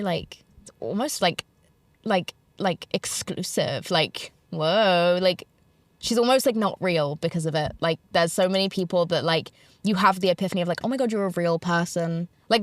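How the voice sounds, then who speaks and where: A young British woman chats loosely on her own podcast, her talk full of fillers and little self-mocking asides. Her voice sits a bit low for a woman. The sound is close and dry, recorded inside a car. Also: no room sound. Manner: rambling, filler-heavy, self-deprecating. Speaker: podcast host. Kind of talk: casual solo podcast chat.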